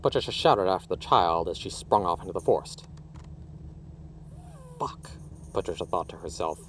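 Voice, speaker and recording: Deep-voiced male storyteller. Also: fast, a little hiss or hum. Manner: expressive storytelling. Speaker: narrator. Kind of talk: audiobook reading of own story.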